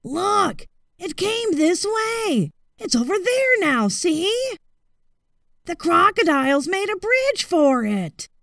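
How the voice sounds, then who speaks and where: A woman voicing a shrill, shouting wild boar. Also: very animated, slow, dry recording, clean studio sound, heavily acted. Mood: excited. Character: excited male wild boar, angry hunter.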